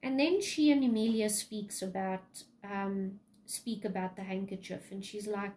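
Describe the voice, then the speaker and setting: A woman's voice: mid-range voice, unhurried, hardly any pauses, a little mellow, low-quality recording. Chatty woman teacher with fillers. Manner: chatty, many fillers and likes. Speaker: English teacher. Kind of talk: casual lesson retelling a play.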